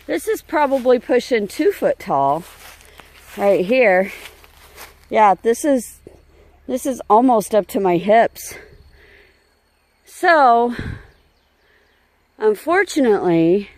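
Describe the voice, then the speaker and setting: A woman, vlogging outdoors about her overgrown land in a frustrated, emotional way. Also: fairly high pitch. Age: 50s. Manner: frustrated, emotional, talks slowly while showing her yard. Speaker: homestead vlogger. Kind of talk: casual vlog talk. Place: outdoors on a wooded property.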